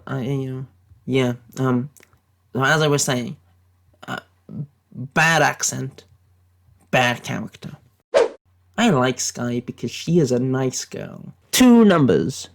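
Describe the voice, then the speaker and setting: Brief: British guy faking an American accent, gravelly, deadpan mock-serious ranking rants. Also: mid-range voice. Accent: put-on American accent. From Britain. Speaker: YouTube commentator. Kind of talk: satirical tier-list commentary.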